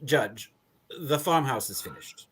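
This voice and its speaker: A woman's voice: very deep voice, expressive, a little slow, heavily acted. A woman reading the part of a witty, sardonic female decorator in a live script reading. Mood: cutting. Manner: crisp, dry, sardonic comebacks. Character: sharp-tongued witty female interior decorator.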